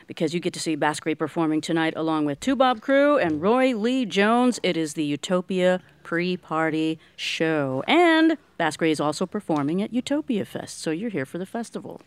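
A woman hosting a live radio interview in a studio, bubbly and excitable as she gushes about her guests. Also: on the low side, normal speed, clean tone, no room sound. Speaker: radio host. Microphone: studio microphone.

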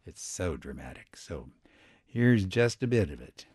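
A man's voice: low-pitched, sing-song, measured pace, darkish tone, husky, dry recording. A man hosting a classical music radio show, talking casually and chattily about the next piece. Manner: chatty, conversational, with fillers. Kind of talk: relaxed radio presenting. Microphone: studio microphone.

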